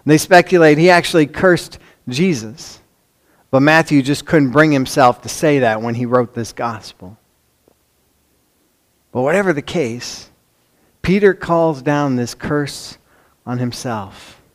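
A man with a Chicago accent preaching a sermon, swinging from loud emphasis to hushed lines, with conversational asides and rhetorical questions. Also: a little high, measured pace, pauses often. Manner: dramatic swings between loud emphasis and hushed near-whispers. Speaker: pastor.

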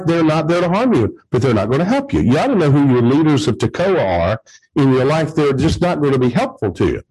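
Husky-voiced preacher man. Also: mid-range voice, darkish tone, rough recording. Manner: emphatic, repetitive, addresses listeners directly. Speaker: pastor. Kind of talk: sermon. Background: men's gathering.

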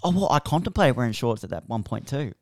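A man's voice: medium pitch, big pitch swings, fast, a little mellow, no echo, studio quality. A young Australian man co-hosting a podcast, telling a rambling story in casual chat, swearing freely and laughing as he goes. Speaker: podcast co-host.

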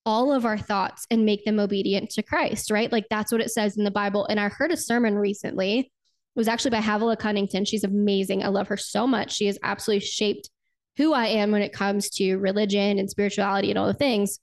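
A woman's voice: mid-range voice, steady tone, fairly quick. Earnest woman leading a guided prayer. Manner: earnest, conversational, frequent "like" and "right?". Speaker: podcast host. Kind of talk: faith podcast talk with guided prayer.

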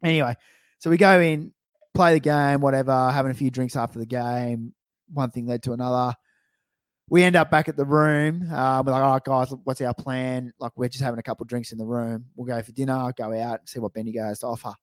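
Here a young Australian co-host with a medium-pitched, fairly quick voice narrates a story in laid-back podcast banter. Animated and laughing, he acts out the quotes; the sound is studio quality with no echo.

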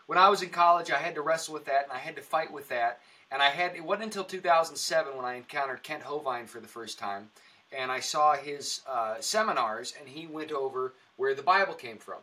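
A man's voice: on the high side, sharp tone, recorded from a distance. A man guest speaking in a casual interview, earnest and rambling, with a preacher-like way of explaining things. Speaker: comedian and actor, podcast guest.

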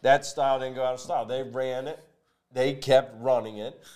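A man hosting a local high school football talk show, reading sponsor spots and previewing games in a lively, conversational way. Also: normal speed. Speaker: sports show host. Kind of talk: sports talk and sponsor reads.

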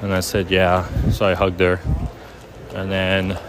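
A young man telling a personal story casually, halting with many fillers. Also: sits low, completely flat delivery, background noise. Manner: halting, many ums and likes. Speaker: vlogger.

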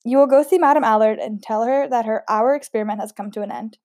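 A woman's voice: a little high, quick pace, a little mellow, natural voice. A woman voicing a strict, sarcastic older woman who teaches etiquette, speaking in a cold, cutting way. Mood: stern.

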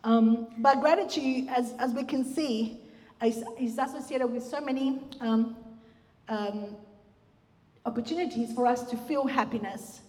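A woman's voice: fairly high pitch, a little slow. A woman pastor giving a conversational sermon with restarts and fillers, recorded in a church hall. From Australia. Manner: warm, conversational preaching with frequent restarts and fillers.

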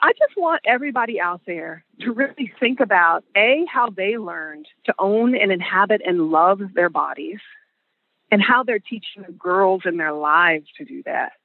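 A woman co-hosting a podcast in casual conversation, an animated storyteller who acts out voices and laughs often, with a husky voice. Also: medium pitch, normal speed, no echo, narrow, tinny audio. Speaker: podcast co-host.

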